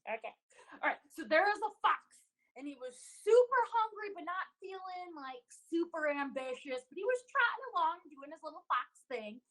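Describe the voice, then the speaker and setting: High-voiced playful woman storyteller. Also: moderate pace, rough recording. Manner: animated, playful. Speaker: improviser.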